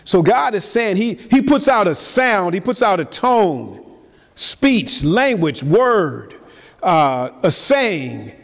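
A man preaching a sermon, firing rhetorical questions at the congregation and swinging between loud high emphasis and low quiet asides. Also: sing-song, takes it slowly, creaky. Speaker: pastor. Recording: long reverb of a large hall.

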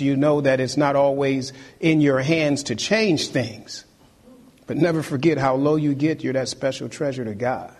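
A man with a fairly high, husky voice preaches a sermon. He drives his points home by repeating key phrases and urging the congregation to take note. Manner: emphatic, repeats key phrases, exhorts listeners.

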